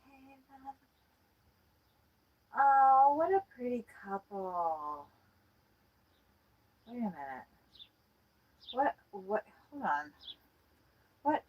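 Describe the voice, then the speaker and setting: A woman's voice: medium pitch, breathy edge, muffled recording. A woman hosting a casual birdwatching livestream from inside an RV, chatty and playful with frequent giggles. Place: indoors in an RV.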